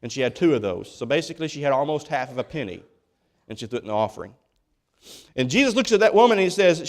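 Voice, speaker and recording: A man's voice: a little high, big pitch swings, quick pace. A man preaching a sermon as pastor, folksy and emphatic, often restarting his words. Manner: folksy, emphatic preaching with many repeated starts. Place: church.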